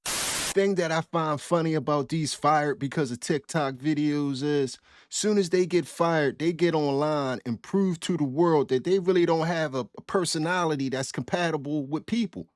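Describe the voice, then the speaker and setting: A man hosting a reaction channel, giving blunt, relaxed commentary in informal slang. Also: fairly high pitch, normal speed, no room sound, clean studio sound.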